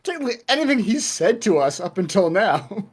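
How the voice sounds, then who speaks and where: High-voiced joking Texan man. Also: very animated, brisk, slightly rough. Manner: joking, stammers and restarts, giggles. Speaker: player. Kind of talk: casual out-of-game table chat.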